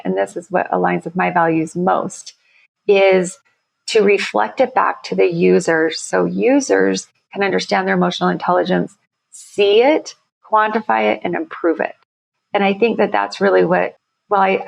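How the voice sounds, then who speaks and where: A woman speaks with a gravelly, fry-laden edge in a mid-range voice. She is a company founder talking on a podcast interview, explaining her ideas with enthusiasm and the odd restart. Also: medium pitch. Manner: enthusiastic, explanatory, self-correcting.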